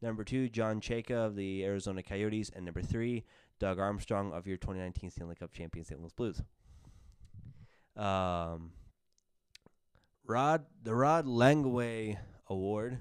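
A man with a lowish, very smooth and clear voice talks through an awards list on a podcast. He rambles and corrects himself often. The sound is dry and close, with no room to it. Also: moderate pace, dry recording. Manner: rambling, lots of fillers and self-corrections. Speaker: podcast host. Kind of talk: casual sports podcast chat.

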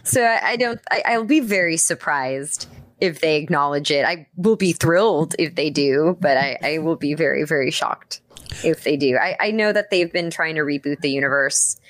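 Low-voiced woman, guest voice actress, eager rambling chat, dry close sound. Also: normal speed, a bit bright, dry recording. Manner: enthusiastic, rambling, many "like"s and "um"s. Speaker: podcast guest, voice actress and writer. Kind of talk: casual podcast chat.

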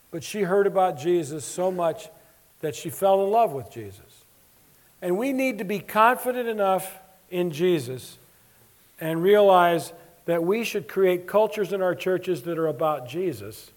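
High-voiced male preacher telling stories. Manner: animated storyteller, acts out quoted voices. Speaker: preacher and Bible teacher. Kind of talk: sermon with storytelling.

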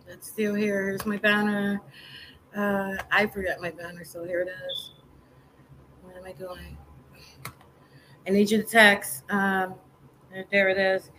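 A woman's voice: lowish voice, a bit bright, slight background noise, rough recording. Impassioned woman repeating rhetorical questions. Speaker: activist host of a live stream. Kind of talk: casual impassioned monologue.

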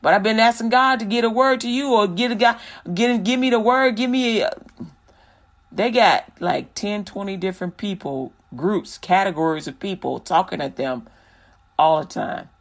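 A man's voice: sits high, normal speed. A man hosting a Christian radio show, talking in a loose, slangy, rambling way and preaching casually to listeners.

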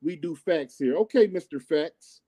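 A man co-hosting a casual sports chat, loud and brash, teasing viewers by name as he reads their picks. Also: fairly high pitch, expressive, moderate pace. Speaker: co-host reading viewer comments.

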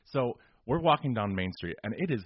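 A man's voice: mid-range voice, expressive, fairly quick, dry recording, muffled recording. A man co-hosting a podcast, telling a story in casual chat, exasperated and ranting. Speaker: podcast co-host.

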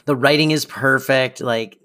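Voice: medium pitch, steady tone, a little slow, bright, forceful tone. A podcast co-host in casual chat, enthusiastically praising scenes and repeating words while gushing.

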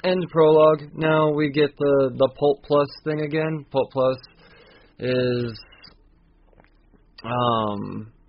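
A man's voice: a little high, fairly even intonation, slow, long pauses, dull audio. A man giving a casual, swearing-heavy recap of a comic, rambling and acting out the characters as he goes. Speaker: podcast host recapping a comic.

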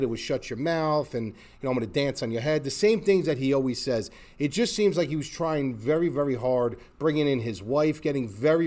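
A man's voice: medium pitch, a little mellow. Casual man breaking down a fight. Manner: conversational, rambling with many restarts. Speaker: combat sports analyst. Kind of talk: casual commentary.

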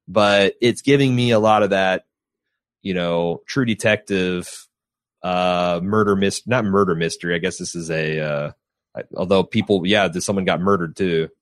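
A man's voice: sits low, normal speed, no room sound, clean studio sound. A man chatting casually about TV shows, rambling with lots of fillers and the odd swear.

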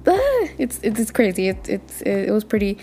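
A woman's voice: mid-range voice, brisk, vocal fry, dark tone, slight background noise. A woman hosting a podcast, recapping a drama in a casual, gushing way and thinking aloud as she talks. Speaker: podcast host.

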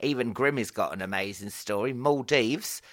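A man's voice: mid-range voice, normal speed. A British man hosting a podcast, telling stories in a wry, conversational way. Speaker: podcast host. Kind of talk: casual chat.

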